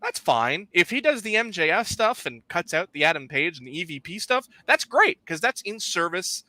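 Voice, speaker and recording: A man's voice: high-pitched, big pitch swings, moderate pace, pushed and bright, no room sound. A man co-hosting a podcast, talking animatedly and emphatically in casual chat, with many restarts. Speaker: podcast co-host.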